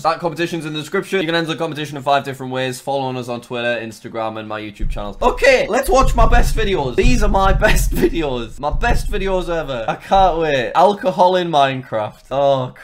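A man in his twenties, with sarcastic, self-mocking commentary, reacting to his own old videos. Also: medium pitch. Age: 20s. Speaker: YouTuber.

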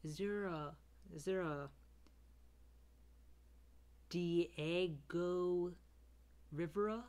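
A woman playing a frazzled, slow-talking teacher. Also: on the low side, a little mellow, clear, resonant tone. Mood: exasperated. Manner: weary, muttering whispered asides to herself. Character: flustered woman teacher on the first day. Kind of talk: comedy sketch character.

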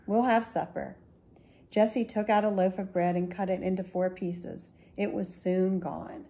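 A woman, a school librarian, reading a children's book aloud slowly and gently. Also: fairly low pitch, level tone. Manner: slow, gentle storytelling.

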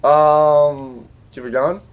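A young man doing live gameplay commentary, swinging from mumbling to profane, mock-dramatic yelling. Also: on the high side, level tone, drawn-out words, clear, resonant tone, lo-fi sound.

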